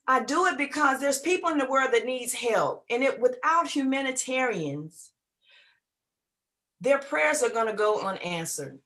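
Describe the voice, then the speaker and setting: A woman's voice: high voice, lively intonation, a little slow, a bit bright. A woman giving an inspirational talk as a guest speaker, preachy and repetitive, often searching for words and laughing easily.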